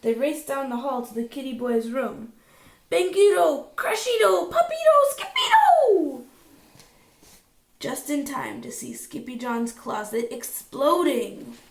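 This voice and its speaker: A woman's voice: a little high, measured pace, few pauses, far from the mic. Woman reading a bedtime storybook aloud. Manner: expressive, sing-song reading with playful voices. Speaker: storybook reader. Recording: echoey home room.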